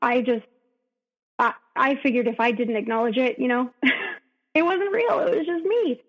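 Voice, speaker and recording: A woman guest on a podcast recounting a painful personal story, rushing through it emotionally with frequent restarts. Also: a little high. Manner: emotional, rushed retelling with restarts. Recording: lo-fi audio with long reverb.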